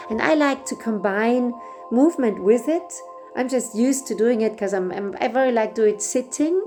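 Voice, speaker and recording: A middle-aged woman whose first language is German, guiding a breathwork session in a gentle, unhurried way with small restarts. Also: on the high side. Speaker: breathwork facilitator. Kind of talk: guided breathwork instruction.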